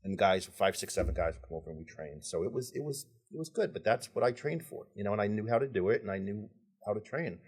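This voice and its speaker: A middle-aged man telling stories as a podcast guest, animated and laughing, acting out quoted dialogue. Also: on the low side, fast, slightly rough. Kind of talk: casual storytelling.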